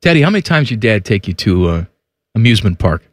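A man's voice: on the low side, sing-song, quick pace, no echo. A man co-hosting a sports radio show who drops in dry, wisecracking remarks during casual banter. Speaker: radio co-host.

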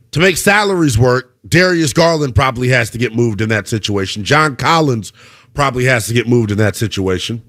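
A man hosting a sports talk radio show, arguing his takes with rhetorical questions and an animated delivery. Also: medium pitch.

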